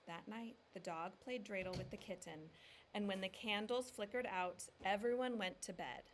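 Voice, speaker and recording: A woman's voice: moderate pace, slight background noise. Woman reading a picture book aloud. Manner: calm, dropping low on narration tags. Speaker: teacher.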